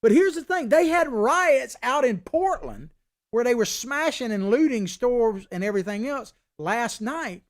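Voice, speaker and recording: A middle-aged man hosting an opinionated political talk show, impassioned, swinging from loud emphatic peaks to low quiet asides. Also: animated, measured pace.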